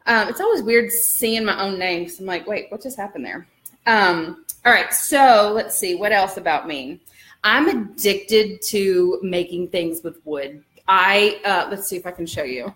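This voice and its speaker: A woman from the American South chats brightly into her camera at home. Her Southern accent is easy and relaxed, and her talk wanders with lots of "um"s. It sounds like a casual home vlog. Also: mid-range voice, measured pace. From Alabama, US. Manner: chatty and upbeat, many "um"s. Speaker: vlogger. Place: home living room.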